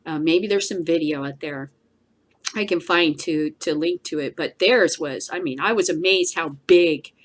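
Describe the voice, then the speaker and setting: A woman's voice: low voice, normal speed. A middle-aged woman hosting her own news vlog, ranting casually, swearing and laughing often. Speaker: host of a daily news vlog. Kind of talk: casual profane rant.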